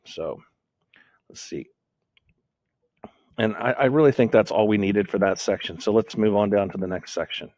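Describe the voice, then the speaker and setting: A man's voice: fairly low pitch, normal speed, long pauses, a little mellow, dry recording, clean studio sound. A man giving a screen-recorded lesson on making notes, thinking aloud and correcting himself as he types. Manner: thinks aloud, self-corrects while typing. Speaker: teacher.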